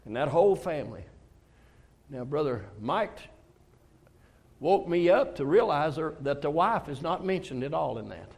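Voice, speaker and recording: A man's voice: fairly high pitch, expressive, normal speed, vocal fry, pauses often, a little mellow. Older man, folksy preacher, storytelling sermon, heartfelt confessions. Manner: storytelling, acts out dialogues with God, emotional confessions.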